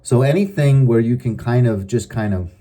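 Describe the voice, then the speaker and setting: A middle-aged man giving advice in a calm, measured, deliberate monologue. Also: mid-range voice. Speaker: advice vlogger.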